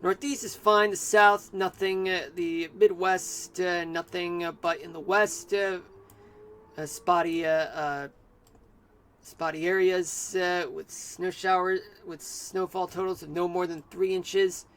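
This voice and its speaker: A man streaming live, giving an amateur weather forecast in a halting way with many fillers and restarts. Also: high-pitched, fairly even intonation, fairly bright tone, smooth.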